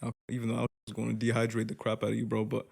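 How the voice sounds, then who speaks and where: A man's voice: on the low side, rapid-fire, creaky. A man with a Canadian accent co-hosting a podcast, in casual chat, speaking animatedly and calling his friend bro. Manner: animated, says "bro" a lot. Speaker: podcast co-host.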